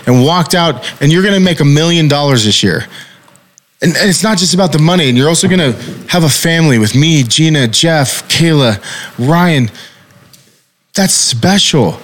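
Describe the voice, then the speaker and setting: A man's voice: a little high, expressive, moderate pace. A man hosting a casual podcast conversation as a company founder, talking intensely, swearing often and firing repeated rhetorical questions.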